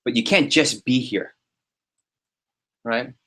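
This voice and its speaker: A man giving a motivational talk to his sales team as their liaison, animated and joking, acting out little scenes. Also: medium pitch, takes it slowly, slightly rough.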